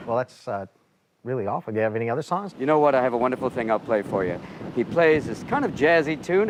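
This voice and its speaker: A male comedian rattles through a joke at a breakneck pace, jumping in and out of the voices of its characters. His voice sits at an ordinary pitch. A faint noise runs underneath. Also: poor audio. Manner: rapid, animated, switches between joke characters. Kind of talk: telling a joke to camera.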